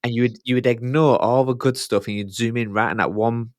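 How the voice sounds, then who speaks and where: A man's voice: medium pitch, fairly even intonation, brisk, a little mellow, no room sound, studio quality. A man hosting a podcast, asking rambling, self-correcting questions in casual talk. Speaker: podcast host.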